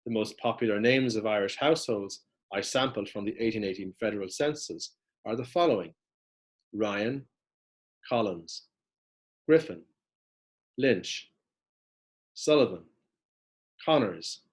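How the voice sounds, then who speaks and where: A man giving a prepared lecture, reading steadily from notes as he walks through maps. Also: fairly low pitch. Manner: measured, reads from notes with map references.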